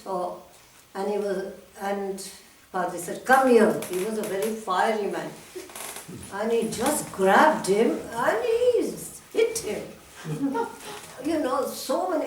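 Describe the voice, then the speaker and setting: Speaking as a guest in a talk venue hall, an older woman with a fairly high voice recalls a personal story, often restarting and laughing softly. The recording is distant and echoey, with slight background noise.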